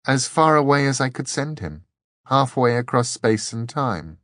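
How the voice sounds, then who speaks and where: A man reading an audiobook, voicing an earnest, soft-spoken young woman with a pixie air. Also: medium pitch, big pitch swings, unhurried, no echo, clean studio sound, voice pushed up.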